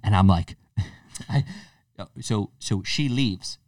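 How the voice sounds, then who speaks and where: A man's voice: on the low side, takes it slowly, no room sound, clean studio sound, far from the mic. A man co-hosting a podcast, telling a story in casual chat and acting out the quotes with plenty of restarts. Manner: animated storyteller, acts out quotes, many restarts. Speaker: podcast co-host.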